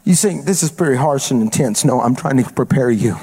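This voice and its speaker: A man's voice: medium pitch, expressive, a little fast, mellow, husky. A male traveling evangelist preaching a sermon in an emphatic, colloquial way, repeating phrases for punch.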